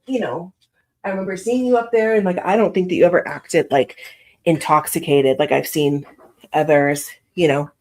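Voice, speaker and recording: A woman's voice: low voice, steady tone, normal speed, a little mellow. A woman hosting a casual online chat, talking in a loose, filler-heavy way. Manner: conversational, many fillers like "you know".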